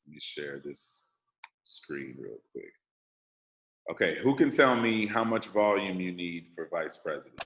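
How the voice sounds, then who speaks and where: A man's voice: low-pitched, big pitch swings, unhurried, a bit bright. A man leading an online sales training call, explaining casually and step by step while checking that the group follows. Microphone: video call. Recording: roomy echo.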